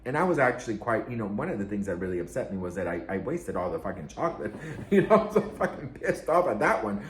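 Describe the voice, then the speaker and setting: A man telling a storytime in a sassy, dramatic way, swearing and swinging his pitch up and down. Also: sing-song, quick pace, reverberant. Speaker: storytime vlogger. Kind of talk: casual storytime monologue.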